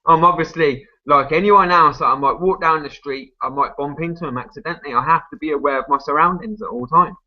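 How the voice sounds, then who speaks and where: A man's voice: a little high, a little fast, few pauses, dull audio. A man, arguing at length in a casual group discussion, full of tag questions, restarts and swearing. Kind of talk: rambling casual argument.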